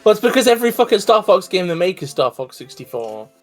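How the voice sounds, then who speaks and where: Male stream co-host, rambling comic riffs, light swearing, slightly higher voice. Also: big pitch swings, quick pace, faint music behind. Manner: joking, profane, rambling riffs. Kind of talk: casual chat while gaming.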